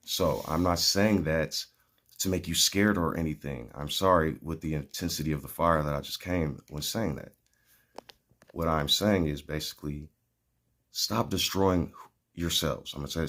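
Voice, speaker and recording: Man with a lowish voice, earnest and meandering, preaching in a casual spiritual talk. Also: moderate pace, fairly bright tone. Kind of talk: rambling spiritual monologue.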